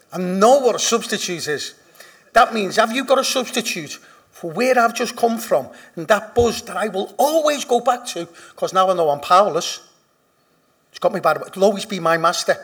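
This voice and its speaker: A man with a Liverpool accent giving a personal recovery testimony, blunt and profane, dropping to a hush and then rising loud with laughter. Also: high-pitched. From Liverpool, England. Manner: blunt and profane, swinging from hushed confession to loud laughing emphasis. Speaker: speaker sharing at a recovery meeting.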